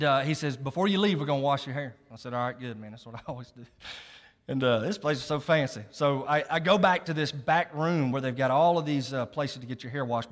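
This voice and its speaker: A man preaching a sermon as a story, folksy, laughing at himself and checking in with the audience. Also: mid-range voice. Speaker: pastor. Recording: long reverb of a large hall.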